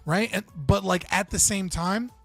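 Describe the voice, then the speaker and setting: Rambling, profane male streamer with a slightly high voice. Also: measured pace, creaky, dry recording, soft background music. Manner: lots of fillers and self-corrections. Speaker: live streamer. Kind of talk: casual live-stream rant.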